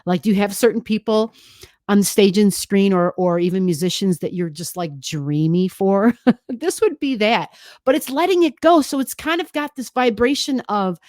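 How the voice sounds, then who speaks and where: A woman's voice: mid-range voice, lively intonation, normal speed, darkish tone, no echo, studio quality. A woman astrologer giving a chatty, emphatic forecast, often adding "right?" as she goes.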